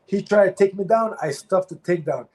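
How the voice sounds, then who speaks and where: Male ex-fighter guest, blunt and profane, slightly high voice, repeats himself when angry. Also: fairly quick, a little mellow, rough recording. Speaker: former pro fighter, guest. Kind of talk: candid interview talk.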